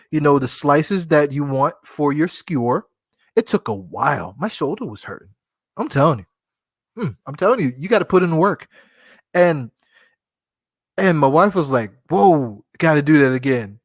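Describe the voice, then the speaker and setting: A man's voice: on the high side, no room sound, studio quality. A man hosting a casual solo podcast, rambling and joking, often laughing at himself. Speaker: podcast host.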